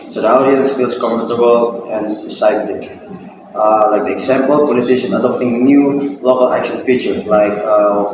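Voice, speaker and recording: Hesitant young man presenting in echoey room. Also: mid-range voice. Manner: reads points with frequent hesitations. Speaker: student presenter. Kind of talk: class presentation. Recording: echoey room with background noise.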